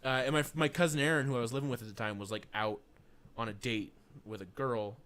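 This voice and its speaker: A man's voice: mid-range voice, steady tone, fast, fairly bright tone. A man co-hosting a podcast, casually telling stories and acting out what people said. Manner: laid-back storytelling, acts out quotes in a raised voice. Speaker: podcast co-host. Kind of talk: casual chat.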